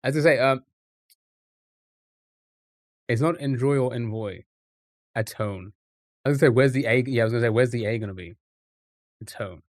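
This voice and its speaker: Man, streamer, thinking aloud, halting restarts, mid-pitched voice, dry close desk mic. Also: dry recording. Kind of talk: live-stream thinking aloud over a word puzzle.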